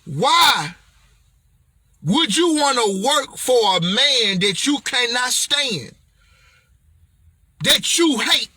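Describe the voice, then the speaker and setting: A man delivering an impassioned motivational message, blunt and confrontational in a preacher-like way, often raising his voice to a shout. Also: extremely high pitch, very animated, extremely slow, pauses often, no echo. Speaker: motivational speaker.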